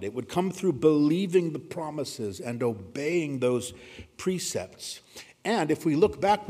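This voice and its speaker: A man preaching a sermon, earnest, dropping to a hushed voice when he quotes scripture. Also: medium pitch, slightly rough. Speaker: pastor. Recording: reverberant hall.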